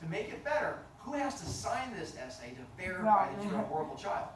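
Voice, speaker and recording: A man's voice: high-pitched, very animated, a little fast, a crowd in the background. A middle-aged man teaching a class, teasing his students in a playful, mock-stern way. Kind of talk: classroom instruction. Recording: echoey classroom from far off, noisy.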